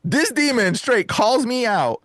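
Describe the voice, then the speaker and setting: Man, guest exorcist, high voice, very lively, slangy, dry close sound. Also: unhurried, no room sound. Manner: animated and casual, full of slang asides. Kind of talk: excited storytelling in an interview.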